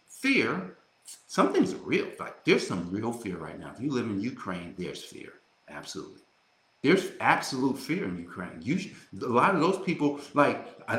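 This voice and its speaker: A man's voice: mid-range voice, a bit bright, roomy sound. A man hosting a faith-based motivational podcast, talking in a fervent preaching cadence full of restarts and repeated words. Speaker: podcast host.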